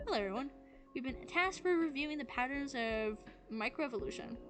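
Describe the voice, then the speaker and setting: Earnest, lecturing teen girl played by a woman, slightly high voice, game music in the back. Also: expressive, a little fast. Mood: formal. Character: serious studious teenage girl.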